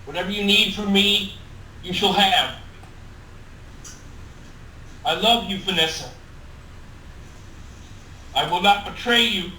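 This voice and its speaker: A man's voice: high voice, unhurried, bright, forceful tone, exaggerated voice. Man playing an impassioned remorseful adventurer. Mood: earnest pleading. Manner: earnest, impassioned pleading in character. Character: remorseful devoted male adventurer Shadrach. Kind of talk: tabletop role-play. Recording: roomy, distant mic, faint hiss.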